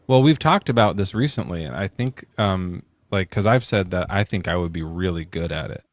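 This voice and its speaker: A man's voice: sits low, expressive, moderate pace, dry recording, clean studio sound. A man hosting a casual live chat, rambling with lots of fillers and laughing often. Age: adult parent. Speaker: host.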